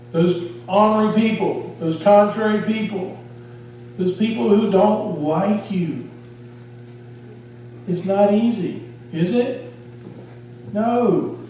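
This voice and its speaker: Give me a man preaching a sermon, a bit high-pitched, with a faint hum behind him. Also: warm tone. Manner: storytelling, asks the congregation questions. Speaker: pastor. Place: church sanctuary. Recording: echoey church hall, from far off.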